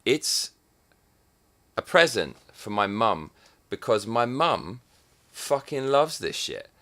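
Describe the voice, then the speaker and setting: A man's voice: on the low side, big pitch swings, takes it slowly. A man from England in his thirties, talking to camera in a profane, sardonic comic monologue. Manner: profane and sardonic, with swings in loudness. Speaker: vlogger.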